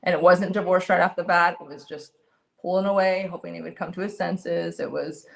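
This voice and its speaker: Low, gravelly-voiced woman sharing testimony. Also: fairly even intonation. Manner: earnest, halting, with many restarts. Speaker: guest. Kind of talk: candid personal testimony.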